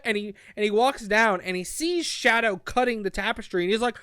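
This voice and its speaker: A podcast co-host with a high, fairly quick, fairly bright and smooth voice is captured in a dry, studio-quality recording. On a casual online talk show, he recaps a childhood book in a rambling, profane way, slipping into goofy character voices.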